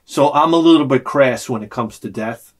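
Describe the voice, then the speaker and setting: A man's voice: mid-range voice, moderate pace, slightly rough. A man hosting his own video channel, ranting in a profane, rambling, emotional way. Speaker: vlog host. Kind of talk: casual ranting monologue.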